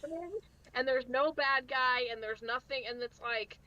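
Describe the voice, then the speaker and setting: A young adult woman co-hosting a casual book chat, rambling and thinking out loud as she goes. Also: sits high, moderate pace, a crowd in the background, rough recording. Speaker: book channel co-host.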